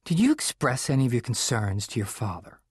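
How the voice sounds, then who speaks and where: A man voicing a calm woman counselor asking probing questions in an audiobook. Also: mid-range voice, brisk, breathy edge, no room sound, studio quality.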